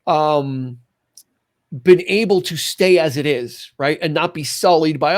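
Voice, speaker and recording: A man in casual podcast chat, talking in halting bursts with many restarts. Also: fairly high pitch.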